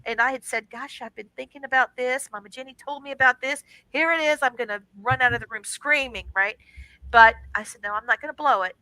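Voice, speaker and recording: A middle-aged woman tells a personal story as a radio guest, animated and dramatic, slipping into the voices of the people in it. Her voice is very bright and cutting, and the close mic is completely dry. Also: a little high, fairly quick, no room sound, poor audio. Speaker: guest on a paranormal radio show. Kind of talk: casual storytelling.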